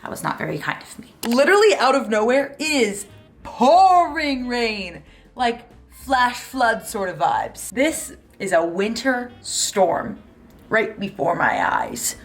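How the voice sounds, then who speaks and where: Chatty woman vlogger venting. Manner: chatty, venting and self-deprecating; animated, with sudden jumps in pitch. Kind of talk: casual vlog chat.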